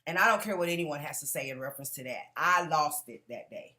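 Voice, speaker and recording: Woman, lowish voice, earnest testimony that speaks straight to the crowd. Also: lively intonation, brisk, sharp tone. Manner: earnest, direct, keeps calling out to the audience. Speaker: conference speaker giving a testimony. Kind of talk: personal testimony to a live audience.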